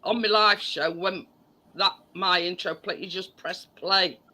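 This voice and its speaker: A hoarse woman with a Yorkshire accent, hosting a casual live-stream chat over a video call and often stumbling over and repeating her words. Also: lowish voice, fairly even intonation, measured pace, pushed and bright, poor audio.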